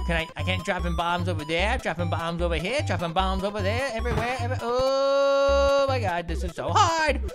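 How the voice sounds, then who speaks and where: A woman voicing an excitable cartoon grape who hosts a gaming channel, talking to herself in a jumpy, silly way and repeating phrases. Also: mid-range voice, brisk, hardly any pauses, over music, close to an everyday voice. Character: excitable cartoon grape playing video games. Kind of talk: cartoon let's-play commentary.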